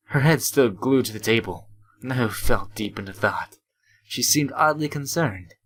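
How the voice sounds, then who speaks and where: A man's voice: fairly low pitch, fairly bright tone. Young man reading a game aloud. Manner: reads text aloud, breaks off for joking asides. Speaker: let's play host. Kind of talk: reading a visual novel aloud with commentary. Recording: faint game music behind.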